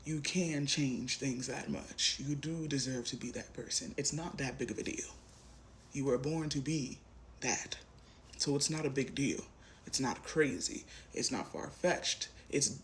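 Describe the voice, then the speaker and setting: A man's voice: fairly high pitch, a little hiss or hum. A man giving a collective tarot reading straight to the viewer, impassioned and emphatic, repeating phrases, swearing, and sometimes dropping to a whisper. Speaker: tarot reader.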